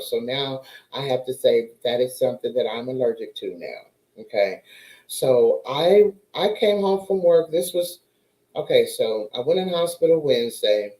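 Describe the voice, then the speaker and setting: A woman's voice: very deep voice, dark tone, roomy sound, rough recording. A woman chatting casually to her viewers, telling a story and acting out the voices of the people in it. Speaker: vlogger.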